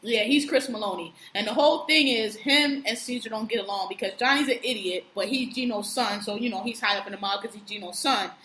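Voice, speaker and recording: A woman tells a film's story in a loose, chatty way, slipping into the characters' voices as she goes. Her voice sits a little high and comes across bright and forceful. The room is echoey, with faint noise behind her. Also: a little fast, few pauses. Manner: animated retelling, acting out characters' lines, frequent profanity. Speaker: podcast co-host recapping a film. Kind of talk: casual storytelling chat.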